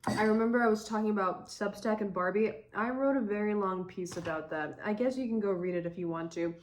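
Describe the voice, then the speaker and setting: A woman's voice: medium pitch, fairly quick, slight background noise. Woman, 20s, vlogger; loose rambling chat, salty, self-mocking, laughs a lot. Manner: chatty, swears, self-deprecating, frequent laughs. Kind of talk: casual rambling chat while coloring.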